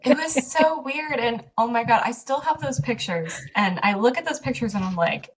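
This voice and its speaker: Her voice sits on the high side, slightly rough, expressive and moderately paced. A small business owner guesting on a podcast, she tells lively stories in a relaxed interview, often laughing and reenacting past exchanges, recorded slightly away from the mic.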